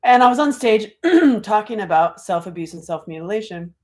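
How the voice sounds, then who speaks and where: A middle-aged woman from North Carolina, an author talking casually on a livestream, chatty and animated, acting out quoted voices. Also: medium pitch, moderate pace. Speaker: author and speaker.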